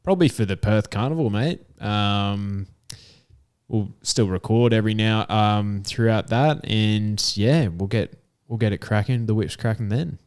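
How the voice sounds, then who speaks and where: Brief: man, podcast co-host, casual and joking, fairly low, clean smooth tone. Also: a little slow, a little mellow. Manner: laid-back, jokey, slangy. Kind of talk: casual racing podcast chat. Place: room at home.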